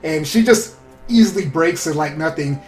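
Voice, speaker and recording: A man casually recapping an anime episode in a rambling, excitable way, full of fillers. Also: on the high side, normal speed. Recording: roomy echo with faint music.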